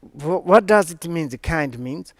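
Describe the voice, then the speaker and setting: A man giving a Buddhist teaching in halting, non-native English full of restarts, earnest and explanatory. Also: on the high side, lively intonation, no echo, studio quality. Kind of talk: Dharma teaching seminar.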